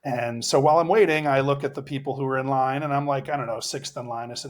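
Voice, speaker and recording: A man's voice: mid-range voice, steady tone, fast talker, few pauses. A middle-aged man, an executive coach, telling a personal story in a podcast interview, reflective and earnest, with many fillers and restarts.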